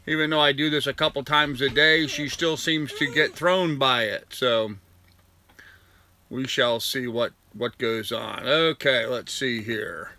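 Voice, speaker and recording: A man's voice: mid-range voice, measured pace, pushed and bright. An older man hosting a casual live stream from home, greeting his viewers one by one by name. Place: at home with a dog nearby. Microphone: laptop.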